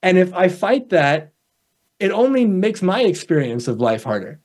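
A man speaks as a guest coach on a podcast, walking through his point with little acted-out back-and-forths. His voice sits slightly high, and he keeps a lively conversational flow. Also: normal speed. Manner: animated storyteller acting out little dialogues. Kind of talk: conversational interview.

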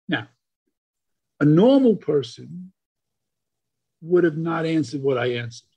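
An older man telling a story as a podcast guest, animated and full of fillers and restarts. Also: a little high, takes it slowly, vocal fry, long pauses, husky.

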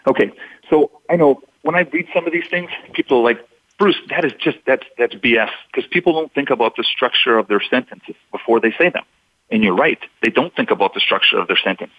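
A man with a husky, slightly breathy voice talks through examples in a steady, instructive way. The sound is dry and close, with the muffled, dull tone of a lo-fi radio broadcast. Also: medium pitch, fast talker, dry recording. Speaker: deception expert guest. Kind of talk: explanatory radio talk.

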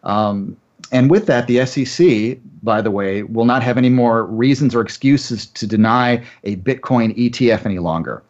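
A man's voice: medium pitch, normal speed, darkish tone, highs cut off. A man as a guest analyst on a finance radio show, talking in a chatty way with many uh fillers and giving confident opinions.

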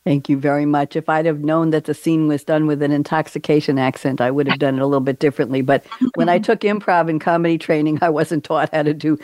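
Woman panel host, lower voice, playful asides, dry close recording. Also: fairly even intonation, fast, hardly any pauses, darkish tone, no echo. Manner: chatty and playful, with joking asides. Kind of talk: casual moderated panel talk.

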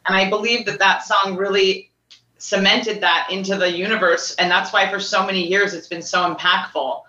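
Earnest woman guest, bright and distant. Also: mid-range voice, steady tone, normal speed, echoey room, muffled recording. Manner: earnest, reflective. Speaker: guest, business owner. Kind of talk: casual interview answer.

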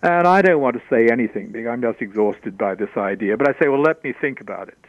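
Australian male storyteller, animated and emphatic, close dry mic with slightly lo-fi radio sound. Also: medium pitch, fast, dry recording. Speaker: guest, shaman and author.

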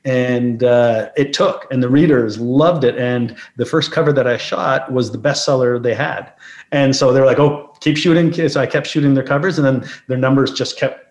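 A man of medium pitch tells stories in a reflective, anecdotal interview manner. The room around him echoes noticeably. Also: fairly even intonation, moderate pace. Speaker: guest, photographer. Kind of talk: conversational interview storytelling. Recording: roomy echo.

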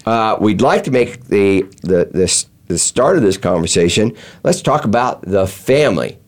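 A man's voice: fairly low pitch, big pitch swings, moderate pace. A man hosting a talk show, explaining step by step with many fillers and restarts. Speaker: show host. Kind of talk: explanatory chat.

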